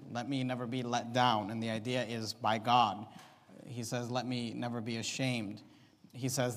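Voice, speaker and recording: Man preaching in a reverberant church. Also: medium pitch. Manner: builds from calm outline to emphatic scripture reading. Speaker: pastor. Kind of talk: Wednesday night sermon.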